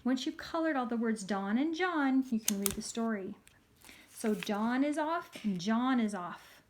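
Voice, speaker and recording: A woman's voice: a little high, animated, a little slow, slight background noise. A woman teaching letters to young children in an upbeat, sing-song, coaxing way. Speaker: preschool teacher.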